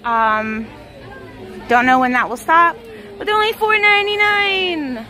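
A young female vlogger, extremely high-pitched and animated, chats casually and quickly reads prices while filming handheld in a large store. The audio is poor, with loud store music and some background chatter.

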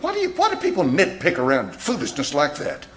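A man's voice: on the high side, wildly swooping pitch, brisk, fairly bright tone. A man preaching a sermon in a church, firing rhetorical questions at his congregation. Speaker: pastor.

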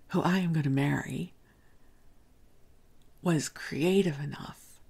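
A woman tells a bedtime story in a hushed, gentle way that often drops into a whisper. Her voice sits low and gravelly. There is a husky edge to it. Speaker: podcast host. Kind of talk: soft-spoken bedtime storytelling.

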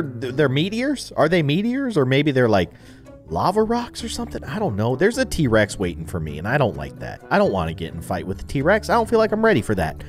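A young man giving playful let's-play commentary on a video game, swinging from loud excited outbursts to mumbled asides. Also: mid-range voice, moderate pace, faint music behind. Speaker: gaming YouTuber.

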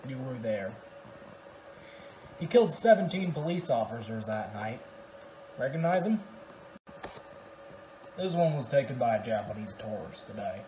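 A man's voice: mid-range voice, sing-song, unhurried, pauses often, warm tone. A young man playing an impatient detective. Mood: pressing. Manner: pressing, frustrated questioning. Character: impatient male police detective. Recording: roomy echo with clear noise.

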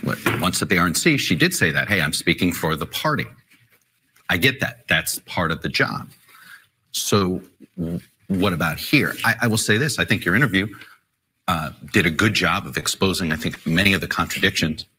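A man giving television news commentary in a measured, critical way, with some hesitation, played from a broadcast clip. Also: low-pitched, lively intonation, sharp tone, breathy edge.

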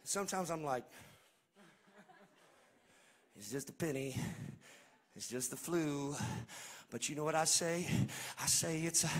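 A man preaching a sermon as pastor, swinging between shouted, sing-song passages and hushed, conversational asides. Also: fairly high pitch, normal speed.

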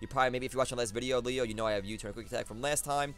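Brief: young male gamer, mid-range voice, excitable play-by-play over faint background music. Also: mid-range voice, very fast. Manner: excitable, thinking aloud, talks to opponent. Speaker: competitive battle commentator. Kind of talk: live gameplay commentary.

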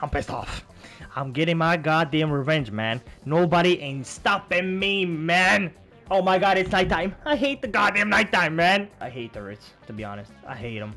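A man giving casual gameplay commentary, profane and excitable, trash-talking as he plays. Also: fairly high pitch, normal speed. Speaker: gaming channel host. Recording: game music behind.

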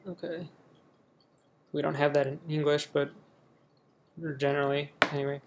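A man's voice: fairly high pitch, level tone, moderate pace, noisy background. A young man from the United States casually reading a word list aloud and reacting offhandedly in a vlog. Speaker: vlogger.

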